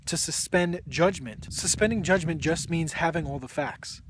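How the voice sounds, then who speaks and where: A man's voice: a little high, moderate pace, noisy background. A man giving an earnest, preachy opinion monologue to camera, often restarting his sentences. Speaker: vegan video blogger and author.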